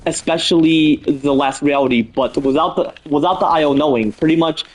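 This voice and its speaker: Streaming live, a man rambles through ideas for a story, often saying "pretty much" and starting sentences over. He speaks a little fast in a slightly high voice on a rough recording.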